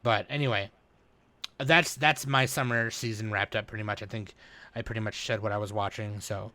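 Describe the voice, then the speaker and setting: A man's voice: fairly low pitch, fairly even intonation, moderate pace, bright, forceful tone. A man on a podcast chatting casually about anime, rambling and swearing as he goes. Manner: rambling, profane, laughing. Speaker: podcast host. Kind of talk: casual chat.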